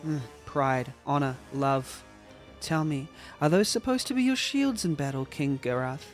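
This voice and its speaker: A man's voice: a little high, expressive, a little slow, soft background music. A man voicing a zealous religious crusade leader who speaks in a sneering, pious way.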